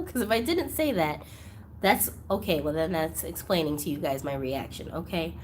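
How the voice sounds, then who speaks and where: A woman hosting a doll collecting vlog, chatting casually and gushing excitedly over gifts, at times near tears. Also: deep voice, normal speed, a little hiss or hum. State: emotional, close to tears. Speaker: doll collector channel host. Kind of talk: unboxing vlog chat.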